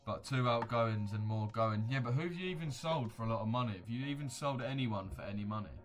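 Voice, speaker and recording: With faint music behind him, a young male livestream host speaks quickly at a medium pitch. He chats casually and reacts to what viewers say with blunt, slangy remarks.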